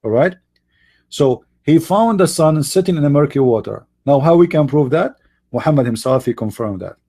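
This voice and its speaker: A man hosting a live debate show, speaking in a sarcastic, mocking way, somewhat hoarse and coughing now and then, with slightly non-native English phrasing. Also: fairly high pitch, expressive, normal speed, warm tone. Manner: mocking, sarcastic, mimics voices.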